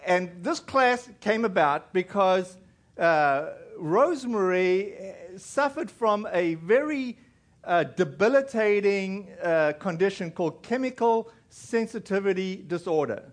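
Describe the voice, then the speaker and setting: A man's voice: high voice, animated, takes it slowly. A male pastor preaching a sermon in a casual, rambling storytelling way, with many fillers and restarts. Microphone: recorded in a church.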